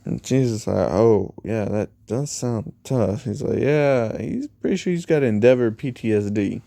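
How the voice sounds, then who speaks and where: Slow, mellow man rambling through a story. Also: mid-range voice, creaky, no room sound. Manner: rambling, retells dialogue with 'he's like' and 'you know'. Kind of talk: casual fan-fiction storytelling.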